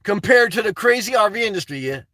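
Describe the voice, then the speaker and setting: A man hosting a casual livestream, reading chat and giving playful, rambling shout-outs to viewers. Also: high voice, lively intonation, fast, no room sound, clean studio sound.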